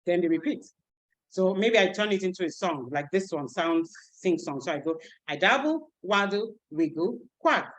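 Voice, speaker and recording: A woman's voice: lowish voice, moderate pace. A woman teacher and storybook author, playfully demonstrating how she reads a story to young children in class. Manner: animated, playful, laughing.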